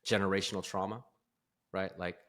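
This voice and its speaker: A man's voice: low voice, little pitch movement, a little fast, a bit bright. A man guesting on a podcast, telling a personal story in an earnest, openly vulnerable way and laughing at himself now and then. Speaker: podcast guest, performance coach. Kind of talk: candid conversational storytelling.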